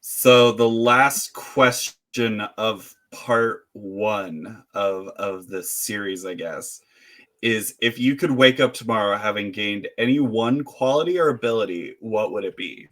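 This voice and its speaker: Low-voiced man rambling on a podcast. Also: slow pace. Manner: relaxed, rambling, lots of fillers. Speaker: podcast co-host. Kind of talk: casual chat.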